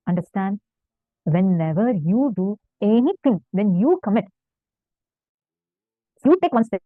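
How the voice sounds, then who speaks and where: A woman's voice: medium pitch, dry recording. A woman spiritual teacher telling a devotional story in a sermon, earnest and fervent, repeating points for emphasis. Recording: tinny phone-like dry sound.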